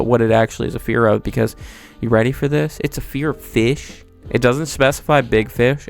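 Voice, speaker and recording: Gravelly man ranting comedically. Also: mid-range voice. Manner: profane, rambling, mock-incredulous. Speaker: video creator. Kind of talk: comedic monologue.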